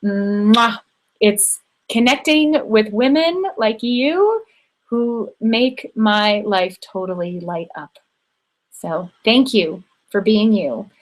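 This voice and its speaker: A woman of middle age closes a live online women's circle, her tone affectionate and encouraging. She talks into a computer mic with frequent ums at a middle pitch. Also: slow, low-quality recording. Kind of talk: warm closing remarks to a live online group.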